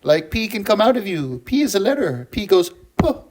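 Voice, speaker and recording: A man's voice: high voice, sing-song, normal speed, a little mellow. A man doing an impression of an earnest, lecturing male pundit whose voice cracks upward.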